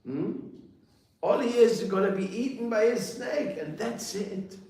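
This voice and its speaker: Man, sermon, playful storyteller, slow, lively pitch, distant mic, very echoey room. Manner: playful, animated storytelling with mock voices and laughter. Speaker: spiritual teacher. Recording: roomy echo, heard from a distance.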